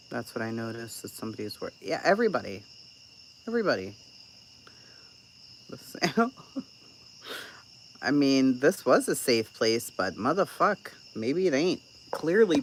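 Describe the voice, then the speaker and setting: A woman's voice: sits low, big pitch swings, measured pace, pauses often, a little hiss or hum, low-quality recording. A woman chatting casually on a live stream. She is blunt and profane, swears freely, and tells a sarcastic story about an argument.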